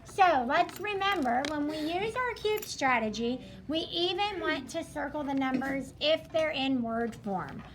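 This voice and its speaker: A woman's voice: sits high, expressive, a little slow, hardly any pauses, background noise. A woman teacher leading a math lesson in a classroom, upbeat and repeating her students' answers back to them.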